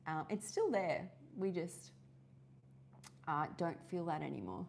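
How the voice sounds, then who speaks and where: Australian woman, low-pitched, rambling live-stream host, chatty, lots of fillers. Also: lively intonation, unhurried, vocal fry, darkish tone, slight background noise. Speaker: host of a live wellness session. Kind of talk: casual live-stream chat.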